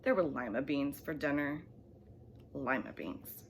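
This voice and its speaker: A woman reads a bedtime story aloud in a lower voice that swoops up and down with animated expression. She drops into soft, hushed asides. Faint background noise sits under the recording. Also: measured pace.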